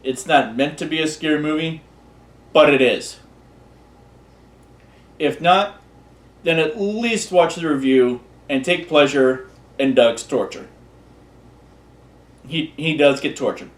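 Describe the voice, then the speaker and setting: A man's voice: fairly high pitch, slow, pauses often. A man casually presenting a countdown of favorite videos, rambling and often restarting his words. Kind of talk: casual unscripted commentary. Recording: echoey room.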